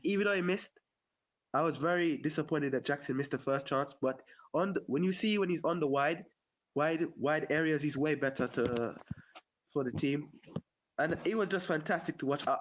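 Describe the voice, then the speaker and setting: A man's voice: on the high side, dull audio. A man giving blunt, enthusiastic football fan opinions on a call, repeating his praise words. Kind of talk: casual fan commentary.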